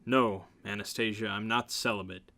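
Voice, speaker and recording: A man reading aloud and voicing a smug, controlling rich businessman in a low, teasing, drawn-out way. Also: steady tone, gravelly, sharp tone.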